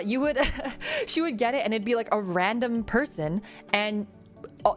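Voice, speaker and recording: Casual young female streamer, giggly, rambling delivery with fillers, light music bed. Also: mid-range voice. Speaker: VTuber streamer. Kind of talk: casual Q&A chat.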